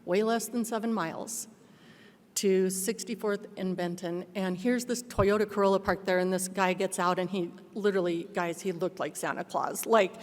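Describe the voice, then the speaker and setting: Woman, middle-aged, testimony speech, lively storyteller, acts out dialogue, long hall reverb. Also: mid-range voice, moderate pace. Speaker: guest speaker. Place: large banquet hall.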